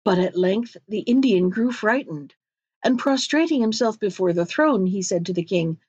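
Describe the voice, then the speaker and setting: A woman narrating a fairy tale in a measured, expressive storybook reading. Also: mid-range voice, breathy edge, dry recording, muffled recording.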